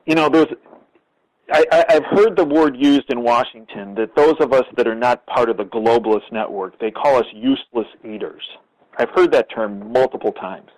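A man's voice: mid-range voice, moderate pace, a little mellow, low-quality recording. Older man telling stories in an interview. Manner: emphatic, repeats words when starting sentences. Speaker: interview guest. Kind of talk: conversational interview storytelling.

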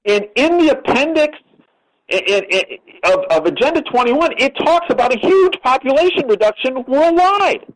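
A man's voice: very high voice, big pitch swings, moderate pace, poor audio. Older man telling stories in an interview. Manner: emphatic, repeats words when starting sentences. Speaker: interview guest. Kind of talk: conversational interview storytelling.

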